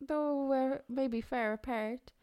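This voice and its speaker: A woman doing a slow, stilted impression of a male film actor while reading a poem. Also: high-pitched, fairly even intonation, dark tone, smooth, no room sound. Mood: halting.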